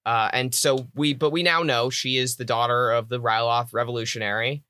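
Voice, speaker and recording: A man with a bright, forceful voice, talking in a relaxed podcast chat. He explains things at length and knows the subject well. The sound is dry and close, with no room echo. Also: medium pitch, fairly quick. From United States. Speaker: podcast co-host. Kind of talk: casual chat.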